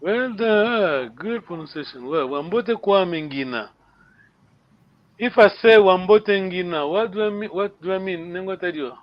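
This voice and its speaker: A man teaching a language class online, patient, often checking understanding with a quick question. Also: high-pitched, animated, no echo, muffled recording.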